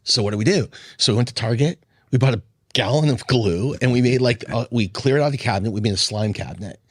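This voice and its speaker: A man's voice: mid-range voice, fast talker, breathy edge, no room sound, clean studio sound. A man in a candid roundtable discussion, telling an earnest personal story with lots of fillers. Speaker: roundtable guest.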